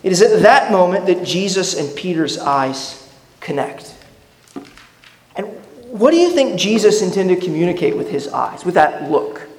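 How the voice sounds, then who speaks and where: A man's voice: sits high, sing-song, normal speed, a little hiss or hum. A man preaching a sermon as pastor, earnest and questioning, often restarting his words. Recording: echoey hall reverb.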